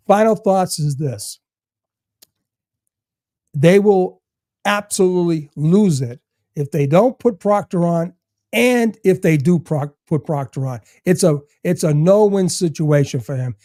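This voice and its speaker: An older man from Massachusetts, a podcast guest chatting casually, telling stories with lively acted-out lines and plenty of swearing. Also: on the high side, dry recording, clean studio sound. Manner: animated storyteller who acts out other people's lines and swears freely.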